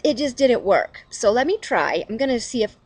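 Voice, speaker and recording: Chatty middle-aged woman, lively voice. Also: fairly high pitch, moderate pace, no echo. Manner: chatty, self-deprecating, laughs at herself. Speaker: devotional video host. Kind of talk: casual devotional talk to camera.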